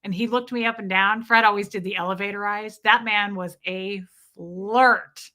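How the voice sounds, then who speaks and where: Woman, 30s, vlogger; bright, tense tone; animated, candid storyteller who swears at times. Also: medium pitch, moderate pace. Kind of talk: casual storytelling to viewers.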